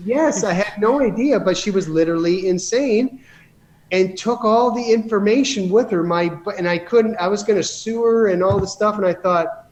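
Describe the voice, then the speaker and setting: A man's voice: high voice, moderate pace, a little mellow. A man from Canada, a real estate investor and podcast guest, telling stories in a rambling, emphatic way with many restarts. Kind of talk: casual storytelling in conversation.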